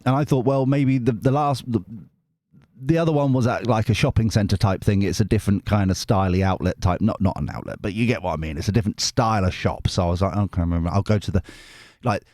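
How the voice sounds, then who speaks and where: A British tarot reader and channel host talks to his viewers in a fairly low, slightly mellow voice, recorded at studio quality with no room sound. He's chatty and jokey, rambling, digressing and cutting himself off to begin again.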